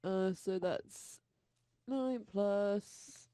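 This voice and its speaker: A woman's voice: medium pitch, lively intonation, normal speed, no room sound. A woman eagerly taking part as a player in a tabletop game. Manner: eager, playful. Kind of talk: casual tabletop play.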